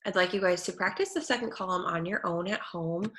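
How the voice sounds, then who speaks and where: A woman speech therapist teaching children at home, saying each word slowly and clearly. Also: fairly low pitch, fairly bright tone. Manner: slow, clear over-articulation of words. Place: her home kitchen. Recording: echoey room.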